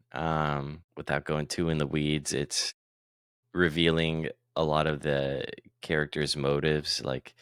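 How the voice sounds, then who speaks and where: Deep-voiced, smooth podcast co-host man. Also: a bit bright, dry recording, clean studio sound. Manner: easygoing, jokey. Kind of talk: casual podcast chat.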